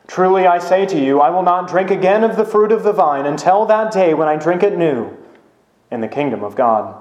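A man reading aloud the lines of a solemn male teacher, slow and weighty, in a lower voice. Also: expressive, a little mellow, muffled recording. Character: solemn grave male teacher foretelling betrayal. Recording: roomy echo.

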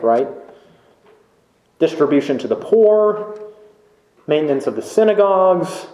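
Man, pastor, sermon, unhurried emphatic delivery, rhetorical questions, echoey church room. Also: high-pitched, warm tone. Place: church sanctuary.

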